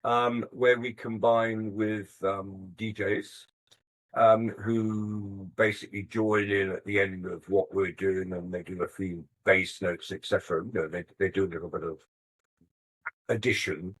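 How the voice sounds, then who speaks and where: Older man telling stories, low and hesitant. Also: fairly even intonation, a little slow, rough recording. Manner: thoughtful, hesitant, self-deprecating. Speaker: interview guest, musician. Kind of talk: casual interview storytelling.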